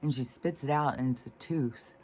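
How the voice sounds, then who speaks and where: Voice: medium pitch, moderate pace, a little hiss or hum. A vlogger talking in a casual, meandering monologue, full of fillers and restarts, indignant and swearing, sometimes sinking to a near-whisper. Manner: indignant and disgusted, swearing freely; drops to a soft near-whisper at times.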